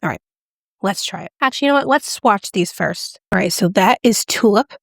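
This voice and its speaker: A bubbly, excitable woman chatting through a makeup review and demo, gushing over each shade. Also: medium pitch, fairly quick, creaky, no room sound, studio quality. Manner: drops to a whisper when excited. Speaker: beauty vlogger. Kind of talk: casual product review and demo.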